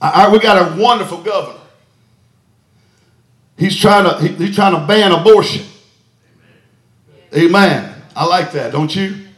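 High-voiced fiery preacher, echoey church. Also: male voice, a little slow, long pauses. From Texas. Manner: fervent shouted preaching with frequent "uh" and "hallelujah". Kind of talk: revival sermon. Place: church sanctuary.

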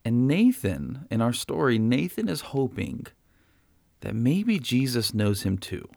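A man's voice: mid-range voice, big pitch swings, measured pace, vocal fry, darkish tone, dry recording, studio quality. A man preaching a sermon as a pastor, in a conversational way that keeps checking in with listeners. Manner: conversational preaching, frequent "right?".

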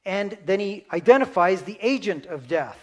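A man's voice: sits high, expressive, moderate pace. A man preaching a sermon in a conversational teaching manner, often checking in with his listeners. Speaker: pastor.

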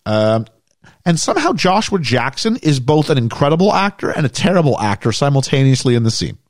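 A man's voice: medium pitch, big pitch swings, a little fast, dry recording, studio quality. A man hosting a casual podcast chat, recapping a movie in a jokey, storytelling way. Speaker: podcast host recapping a film.

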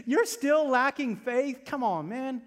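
A man voicing a gentle, amused figure who teases his friends in a chummy, laughing way. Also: extremely high pitch, animated, takes it slowly, in a large hall, pitched above the performer's own voice, full character voice. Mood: teasing.

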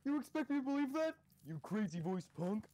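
A woman voicing a bubbly, cheerful young girl who is her brother's twin, for a fan comedy dub over a video call, with a high, giggly, sing-song delivery. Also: sing-song, brisk, mellow, poor audio. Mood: accusing.

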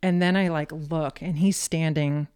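Casual guest, woman, deep voice, chatty storyteller with many fillers. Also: fairly even intonation, a little slow, a little mellow, smooth. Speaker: podcast guest.

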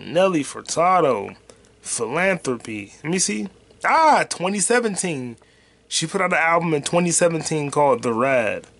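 A man hosting his own podcast in loose, profane, slangy chat, with excited bursts and quiet mutters as he reads comments. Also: on the high side. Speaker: podcast host. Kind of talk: casual solo podcast chat.

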